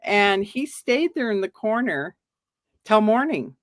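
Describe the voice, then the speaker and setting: A woman's voice: mid-range voice, takes it slowly, no room sound. A middle-aged woman telling a personal ghost story, acting out the lines she quotes. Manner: animated, acts out quoted lines. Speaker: guest storyteller.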